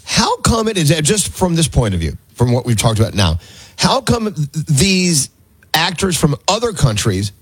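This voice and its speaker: Morning radio host, man, high husky voice, lively banter, dry studio sound. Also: dry recording. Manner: animated, quick interjections.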